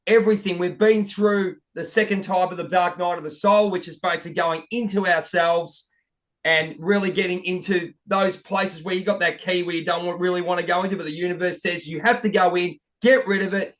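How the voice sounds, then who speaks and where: A man hosting a casual spiritual podcast over a video call, excitable and calling everyone mate. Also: high voice, brisk. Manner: excitable, keeps saying "mate". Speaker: podcast host.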